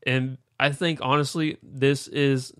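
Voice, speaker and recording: A young man hosting a casual podcast, joking with friends and giving a relaxed TV review. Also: mid-range voice, slow, clear, resonant tone, no room sound. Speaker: podcast host.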